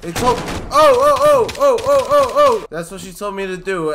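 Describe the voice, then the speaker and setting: A man doing loud, jokey gameplay commentary, yelling, swearing and acting scared, with game music underneath. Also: high-pitched, animated, a little slow, hardly any pauses, a little hiss or hum. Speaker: gaming YouTuber playing a shooter campaign.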